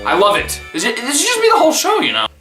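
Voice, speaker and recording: A man's voice: extremely high pitch, wildly swooping pitch, rapid-fire, roomy sound, over music. A young man giving sarcastic, mock-enthusiastic reaction commentary. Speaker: comedic reaction vlogger.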